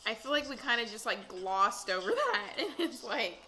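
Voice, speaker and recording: A woman hosting a casual reaction recap of a reality dating show, chatting in a gossipy way with quick asides and bursts of laughter. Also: fairly high pitch, sing-song, bright, forceful tone, rough recording.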